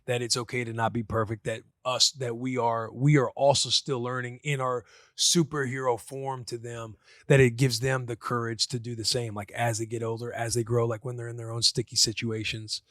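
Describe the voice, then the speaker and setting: A man's voice: medium pitch, flat delivery, moderate pace, a bit bright, no room sound, studio quality. Earnest, rambling man in his thirties. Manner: earnest, rambling, full of fillers and restarts. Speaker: podcast co-host. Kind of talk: casual podcast chat.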